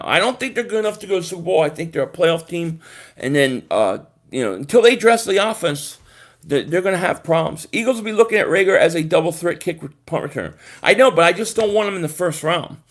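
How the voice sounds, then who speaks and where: A high-pitched young man, chatting on a live stream. He rambles and repeats himself, excitable and loose, reacting to viewer comments as he goes. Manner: rambling, excitable, repeats words, sings short chants. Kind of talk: casual live stream chat reading comments.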